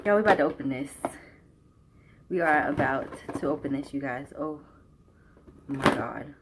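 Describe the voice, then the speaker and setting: A young woman, gushing excitedly through a beauty unboxing vlog and repeating "y'all" and "oh my God". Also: deep voice, normal speed, noisy background. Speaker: beauty vlogger.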